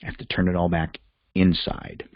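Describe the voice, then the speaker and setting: A man's voice: sits low, flat delivery, moderate pace, no echo, highs cut off. A man hosting a reflective self-help talk, candid and conversational, thinking aloud as he goes. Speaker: podcast host and life coach.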